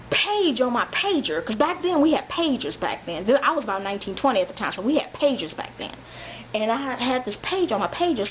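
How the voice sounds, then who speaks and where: A young woman from St. Louis casually telling a story to camera, animated and acting out the people in it. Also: a little high, slight background noise, poor audio. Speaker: vlogger.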